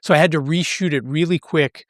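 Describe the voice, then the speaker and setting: A man's voice: on the high side, fairly quick, no room sound, clean studio sound. A man hosting a podcast, recounting his trip in a chatty, rambling way with frequent restarts and light laughs. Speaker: podcast host. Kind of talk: casual vlog recap.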